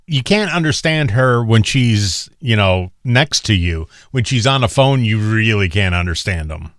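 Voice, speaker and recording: A man's voice: on the low side, animated, measured pace, a bit bright, no echo, studio quality. A man co-hosting a casual podcast chat, teasing and joking with his partner. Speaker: co-host.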